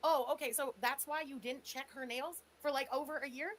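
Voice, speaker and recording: A woman with a high voice hosts a reaction commentary. She picks apart what she hears with sarcasm and disbelief, speaking plainly and casually. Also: fairly even intonation, a little fast. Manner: sarcastic, mocking, incredulous. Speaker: host, commentary channel.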